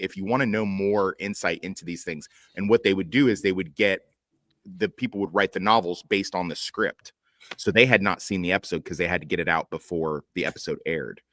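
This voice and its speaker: Low-voiced profane host. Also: male voice, bright, forceful tone, dry recording. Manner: profane, joking, teasing. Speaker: podcast host. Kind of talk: casual group chat.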